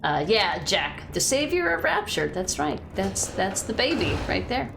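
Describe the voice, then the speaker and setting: A woman's voice: mid-range voice, big pitch swings, measured pace, gravelly, music in the background. A woman streamer in casual gaming commentary, chatty and laughing at what she sees. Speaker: game streamer.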